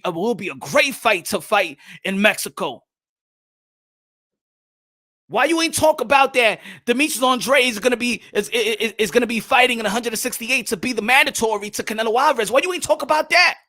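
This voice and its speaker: A man in the host's seat of a boxing live stream delivers a fired-up, profane rant. His voice sits very high and sounds bright and forceful. He stumbles and repeats words as he keeps breaking off to greet people in the chat. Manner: greets chat viewers by name mid-rant. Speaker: boxing commentary host.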